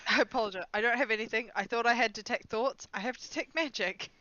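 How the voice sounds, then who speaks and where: Woman player, bright smooth voice, halting casual banter, dry lo-fi mic. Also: a little high, no room sound. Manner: hesitant restarts, swears freely. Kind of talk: casual tabletop game banter.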